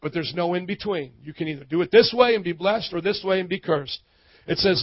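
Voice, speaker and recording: A male pastor giving a sermon, talking conversationally and building up to loud preaching. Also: high-pitched, fairly quick, dry recording, dull audio.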